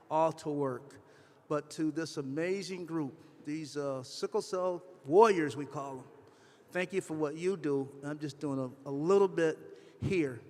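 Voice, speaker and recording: A man giving an impassioned public speech as a legislator, growing emotional and emphatic as he speaks. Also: fairly high pitch. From western Massachusetts. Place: large hall at a state house. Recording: echoey hall reverb.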